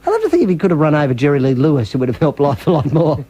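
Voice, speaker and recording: Aussie bloke rambling like an expert on the radio, lots of uh and you know, slightly high voice. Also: male voice, wildly swooping pitch, racing, dark tone, husky. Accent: Australian. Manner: rambling, mock-authoritative, with fillers. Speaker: radio comedy co-host. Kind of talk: improvised comic banter.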